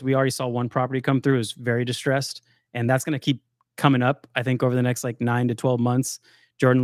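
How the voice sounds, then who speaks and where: Male co-host, blunt and profane, mid-pitched voice, dry room. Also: dry recording. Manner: blunt, swears freely, opinionated. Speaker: podcast co-host. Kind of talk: casual chat.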